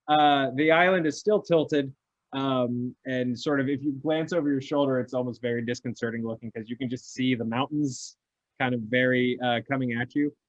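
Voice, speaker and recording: Relaxed male game master, full of pauses. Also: medium pitch, highs cut off. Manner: relaxed, many filler pauses. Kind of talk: narrating a tabletop game.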